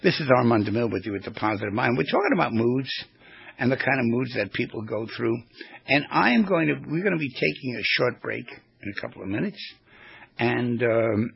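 A man hosting a radio talk show, telling stories in a rambling, animated way as a therapist. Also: mid-range voice, a little fast, gravelly, husky, dry recording, lo-fi sound. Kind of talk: casual radio talk with storytelling.

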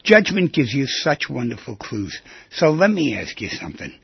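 Man, radio call-in host, rambling and jokey, lively swinging pitch, dull lo-fi radio sound. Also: normal speed, gravelly, slightly rough, no echo. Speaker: radio talk show host.

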